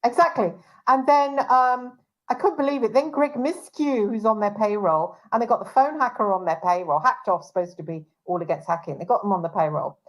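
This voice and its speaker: An agitated woman hosting a casual talk show, voice at an ordinary middle pitch. She talks in an indignant rush, restarting sentences and trailing off into fillers. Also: fairly quick, hardly any pauses, poor audio. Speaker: show host and private investigator.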